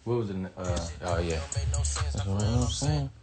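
A man's voice: low-pitched, animated, measured pace. A man casually chatting on a phone livestream, reacting with loose, profane comments while his own track plays. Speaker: livestream host previewing his own music. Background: faint music from his track.

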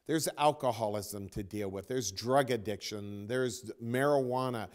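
Speaking at a medium pitch, a male teacher gives a spoken dharma talk, telling a story with dramatic pauses and sometimes dropping almost to a whisper.

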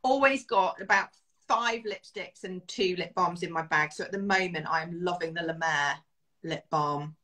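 A middle-aged British woman with a lowish voice chats as a guest about her favourite beauty products. She sounds enthusiastic and self-deprecating and laughs easily. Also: normal speed, fairly bright tone. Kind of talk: casual interview chat.

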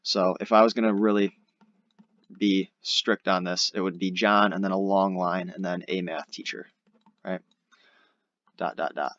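A man's voice: sits low, steady tone, unhurried, pauses often, fairly bright tone, dry recording, muffled recording. A young adult man tutoring SAT grammar in a casual, explanatory screen-recorded lesson. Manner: casual, explanatory, uses fillers like "all right".

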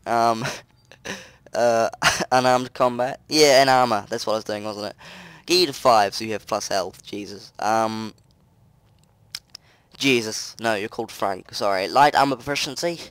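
A young man giving let's play commentary over a close mic, muttering to himself and breaking into loud, excitable outbursts. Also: medium pitch, a little slow, long pauses, clear, resonant tone, no room sound. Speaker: gaming commentator. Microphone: close desk mic.

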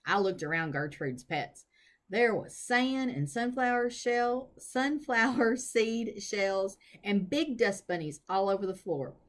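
A woman reading a children's novel aloud in an expressive, storytelling manner. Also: mid-range voice, slow pace. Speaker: reader.

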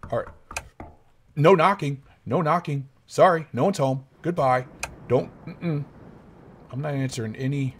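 A man's voice: mid-range voice, gravelly, slight background noise. A young man playing a horror game and commentating nervously, muttering to himself and yelping when startled. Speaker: gaming YouTuber.

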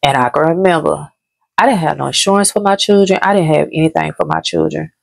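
Speaking fast with vocal fry, this Dallas woman has a low voice that swings widely in pitch. On her vlog she shares an emotional story time about something painful, circling back repeatedly with a heavy, grieving weight. The recording is dry.

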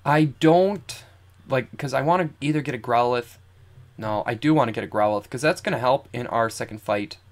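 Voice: medium pitch, moderate pace. A young adult streamer giving casual, rambling commentary while playing a game, often breaking into giggles. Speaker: let's play streamer.

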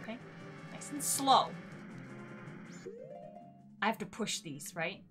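A woman streamer giving casual let's-play commentary, chatty and talking to herself and the game, swinging between nervous and excited. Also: mid-range voice, takes it slowly, over music.

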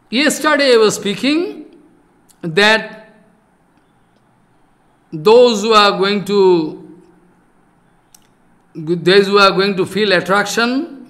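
Casting: older man, bright high preaching voice, scolds and exhorts. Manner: animated, scolding, rising to loud emphatic bursts. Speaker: spiritual teacher. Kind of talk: sermon.

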